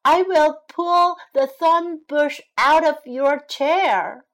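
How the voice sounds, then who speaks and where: Woman voicing a kind policeman, gentle, reassuring, high, slow storybook voice. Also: exaggerated voice. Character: kind, helpful male policeman.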